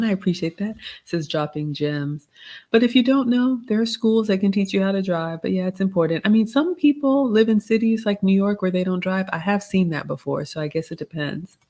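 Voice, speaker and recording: Low-voiced middle-aged woman, livestream chat. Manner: reads chat comments aloud and gives gentle advice. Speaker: livestream host answering chat questions. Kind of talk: casual live Q&A chat.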